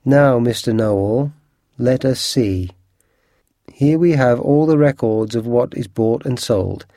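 A man voicing a quick-tempered working-class goose seller who blusters and boasts in a storybook reading. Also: medium pitch, dark tone, dry recording, clean studio sound. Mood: triumphant.

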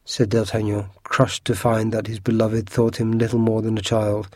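A man reading a story aloud in an expressive way. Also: lowish voice, normal speed, few pauses, no echo, clean studio sound. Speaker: narrator.

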